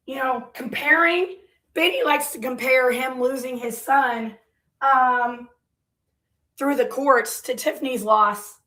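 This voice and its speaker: A woman's voice: sits high, slow pace, pushed and bright. A woman vlogger reading viewer comments aloud and reacting with heated, profane, confrontational ranting.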